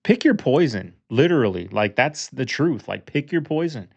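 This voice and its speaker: A laid-back man reacts to clips in casual, amused chatter. His voice is gravelly, and the recording sounds a bit dull and lo-fi. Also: medium pitch, big pitch swings, normal speed, a little mellow. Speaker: reaction video host.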